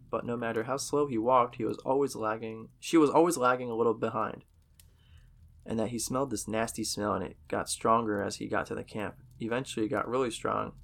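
A man's voice: medium pitch, vocal fry, fairly bright tone. A man casually narrating a horror story in a profane, conversational way.

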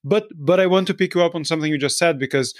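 Thoughtful podcast host, dry close sound. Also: male voice, on the high side, fast, no room sound. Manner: thoughtful, fair-minded, hesitant restarts. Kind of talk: conversational podcast interview.

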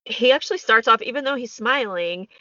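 A woman's voice: fairly high pitch, lively intonation, brisk, sharp tone, dry recording, highs cut off. A woman co-hosting a podcast in casual chat, emotional as she recounts events and quotes speeches at length. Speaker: podcast co-host.

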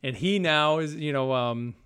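Casual podcast co-host, man, slightly higher voice, loose and rambling, laughs easily. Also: a little slow, a bit bright, smooth. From United States. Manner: rambling, laughs often, retells scenes. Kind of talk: casual chat recapping a TV episode.

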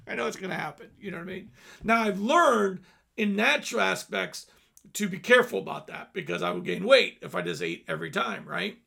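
A man's voice: high-pitched, lively intonation, fairly quick, creaky, pushed and bright, breathy edge. A man in his fifties preaching an earnest sermon, dropping at times to near-whispers. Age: 50s. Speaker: pastor.

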